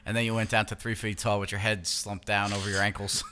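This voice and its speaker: A man's voice: on the low side, little pitch movement, quick pace, sharp tone. A man co-hosting a podcast, talking in crude, laughing banter among friends. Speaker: podcast co-host. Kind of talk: casual chat.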